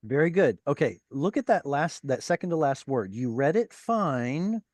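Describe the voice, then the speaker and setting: A man's voice: a little high, very animated, normal speed, darkish tone, no room sound. Dry-sounding man teaching Hebrew class. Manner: patient, explains and encourages students. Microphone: video call.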